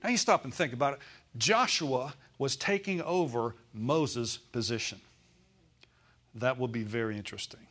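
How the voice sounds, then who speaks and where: A man's voice: medium pitch, moderate pace, fairly bright tone. An older man preaching a sermon in a folksy, rambling way, climbing to emphatic declarations when he quotes scripture.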